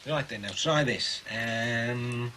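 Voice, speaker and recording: An actor playing a blunt, teasing husband in a soap opera. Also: male voice, medium pitch, takes it slowly, noisy background, close to an everyday voice.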